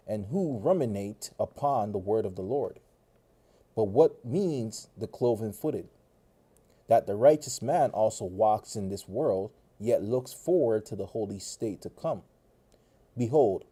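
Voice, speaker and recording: A man reads a scripture passage aloud at a measured, solemn pace. His voice is deep and very dark in color, with a husky edge, and pitched a little low. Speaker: scripture reader.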